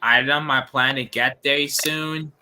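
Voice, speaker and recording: A man's voice: medium pitch, steady tone, unhurried, bright, forceful tone, poor audio. A man chatting eagerly as a guest on a friends' live stream. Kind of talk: casual chat.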